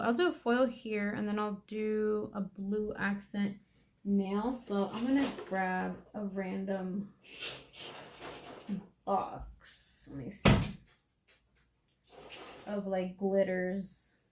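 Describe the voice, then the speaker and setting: A woman's voice: mid-range voice, flat delivery, takes it slowly, background noise. A young adult woman chatting casually at home while doing her own nails, thinking aloud, trailing off and correcting herself. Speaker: nail vlogger. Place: home, at her nail table.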